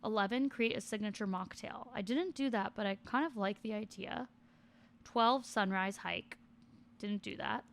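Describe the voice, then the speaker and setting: A woman in her twenties vlogs casually, reading items off a list and commenting on each one with self-deprecating asides. Her voice is medium in pitch with vocal fry and a moderate pace, and there's a slight hiss or hum in the background.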